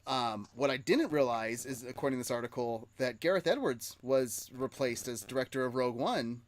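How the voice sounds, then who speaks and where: A man's voice: medium pitch, moderate pace. Chatty male podcast host. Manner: reads chat comments aloud, chatty. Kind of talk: casual chat.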